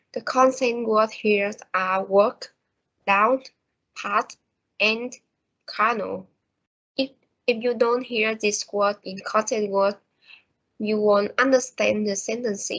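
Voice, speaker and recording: A woman giving a class presentation on pronunciation, reading her prepared notes slowly and carefully. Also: medium pitch, fairly bright tone. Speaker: student presenter. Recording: dull lo-fi recording.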